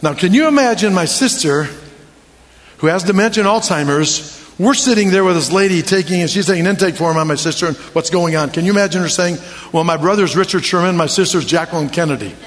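A man's voice: high-pitched, fast, a bit bright. A man preaching a sermon with humor and many rhetorical questions, drawing the crowd in. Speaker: pastor. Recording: long hall reverb.

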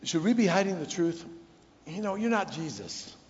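A man in his pastoral role delivers a sermon in a fairly high voice. He leans on rhetorical questions and sinks to a hushed tone for emphasis. The recording is dull and lo-fi, with long reverb from a church hall. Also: very animated, moderate pace, slight background noise. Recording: dull, echoey hall sound.

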